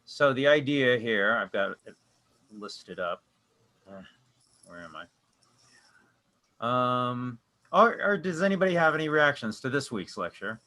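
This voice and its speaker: A man's voice: mid-range voice, animated, a little slow, pauses often, bright, forceful tone. A man leading a casual online discussion group, rambling with frequent restarts and fillers.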